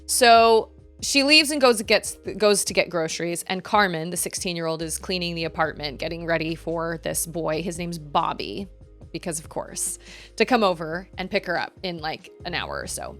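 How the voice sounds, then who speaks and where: A woman livestreamer telling a story in a rambling, animated way, laughing often. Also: on the low side.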